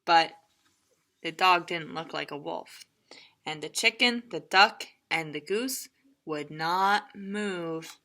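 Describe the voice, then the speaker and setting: A children's librarian reading a picture book aloud, playful and animated, with laughing asides. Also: female voice, on the low side, slow.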